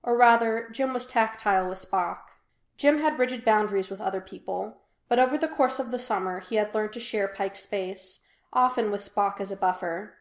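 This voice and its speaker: In an echoey room, a woman with a medium-pitched voice reads a fan fiction audiobook. She is a podfic reader, and her storytelling stays even and unhurried.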